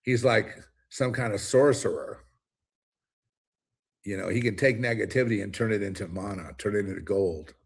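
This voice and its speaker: On his own commentary show, a man rants solo in an emphatic, rambling monologue full of restarts. His lowish voice is gravelly and husky, moving at a normal speed.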